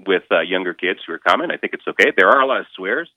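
A man with a very low voice talks over a narrow, tinny phone line, and the sound is dry and close. He speaks casually and haltingly, filling his pauses with ums and restarting his sentences as he explains his stage show. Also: animated, no room sound. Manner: halting, lots of fillers and restarts. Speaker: stage performer interviewed as a guest.

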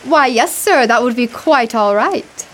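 A meek, high-voiced landlady. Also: lively intonation, a little slow, fairly bright tone, a little hiss or hum. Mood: deferential. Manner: meek and deferential, keeps saying sir. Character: timid, eager-to-please landlady. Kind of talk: 1940s radio acting.

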